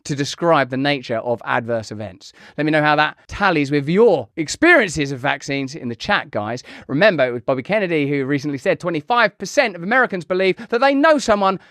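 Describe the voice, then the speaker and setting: A man's voice: fairly high pitch, animated, fairly quick, few pauses, a bit bright, no room sound. A British man hosting an online show, delivering news commentary to a live chat in a sarcastic, mocking way and hammering points home through repetition. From United Kingdom.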